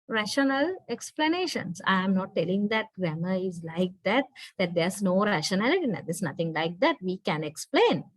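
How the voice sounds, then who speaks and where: A woman's voice: a little high, no echo, rough recording. A woman lecturer with a Sri Lankan English accent, patiently explaining in an online class and often checking in with her students.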